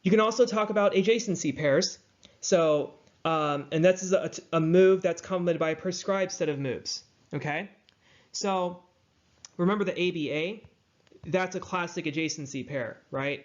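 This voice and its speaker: A high-voiced man gives a university lecture conversationally, breaking ideas down and frequently checking in with "right?" and "okay?" The audio sounds dull.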